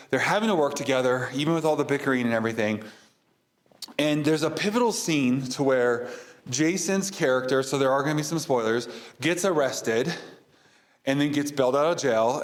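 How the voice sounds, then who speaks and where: A man hosting a podcast, casually recapping a movie in a rambling way with many fillers. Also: mid-range voice. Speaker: podcast host.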